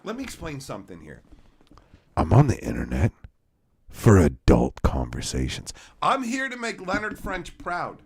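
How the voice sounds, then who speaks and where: A man's voice: high-pitched, pushed and bright. A middle-aged man from Canada hosting a casual livestream, ranting with heavy profanity and mocking silly voices. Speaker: livestream host.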